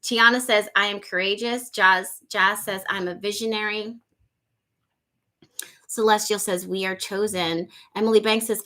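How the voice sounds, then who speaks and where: A woman's voice: medium pitch, sharp tone. A woman hosting a casual live stream, reading viewer comments aloud in an effusive way and often repeating phrases back. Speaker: livestream host.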